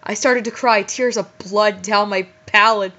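Slow, bright-voiced woman reading fanfiction aloud. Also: mid-range voice, steady tone. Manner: incredulous, exasperated asides. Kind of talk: dramatic reading with mocking commentary. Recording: muffled lo-fi recording.

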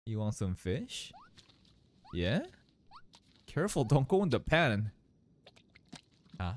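A man's voice: mid-range voice, big pitch swings, slow pace. A man hosting an anime reaction, chatting casually with slang, jokes and frequent laughs. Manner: chatty, laughs often, playful slang and mock shouts.

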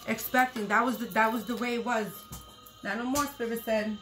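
A woman's voice: on the high side, steady tone, fairly quick, soft background music. A woman doing a casual tarot reading, blunt and profane, repeating her points. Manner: acts out quoted lines loudly. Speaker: tarot reader.

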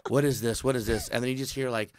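A man's voice: medium pitch, steady tone, fast. A man telling a comedy story in casual talk, acting out the voices of the people in it.

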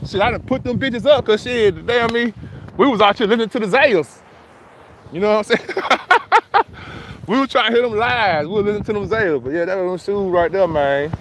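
A man's voice: sits high, fairly quick, slight background noise. A middle-aged man hosting a casual outdoor livestream, talking loosely and profanely, laughing often and answering comments. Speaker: livestream host. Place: outdoors at a beach.

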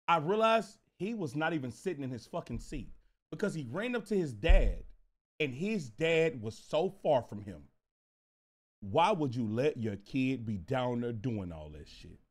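A man telling a casual storytime, animated and profane, repeating himself as he goes. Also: mid-range voice, unhurried. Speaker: storyteller vlogger.

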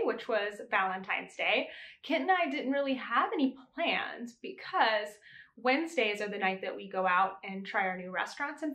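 A woman's voice: fairly high pitch, pushed and bright, echoey room. A young adult woman hosting a knitting podcast, chatting casually and laughing now and then as she corrects herself. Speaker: podcast host. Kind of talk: casual chat.

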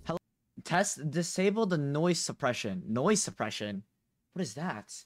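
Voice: medium pitch, big pitch swings, unhurried, dry recording. A live streamer chatting casually with viewers, restless and questioning, dropping bro and dude often, on a close condenser mic at a home setup. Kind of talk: casual livestream chat to viewers. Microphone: condenser desk mic, close.

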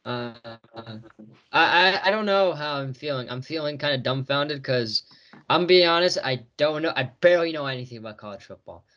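A man's voice: a little high, expressive, normal speed, pushed and bright. A man co-hosting a casual sports podcast, joking and self-deprecating, often stammering as he starts. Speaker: podcast co-host. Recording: dull lo-fi audio.

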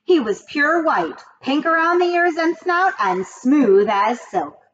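A woman reading a children's book aloud with expressive narration. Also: high voice, takes it slowly. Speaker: reader. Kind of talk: read-aloud storybook narration. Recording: dull recording with faint hiss.

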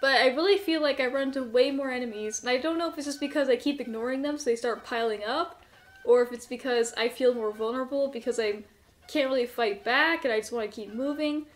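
A woman with a high voice talks fast while hosting a let's-play of a video game on her own channel. Her commentary is casual and a little nervous. She laughs and speaks to her character as she plays.

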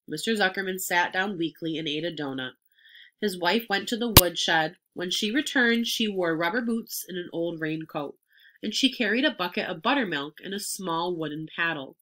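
Bright-voiced woman reading a children's book. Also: lowish voice. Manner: expressive, pauses to explain words. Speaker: reader.

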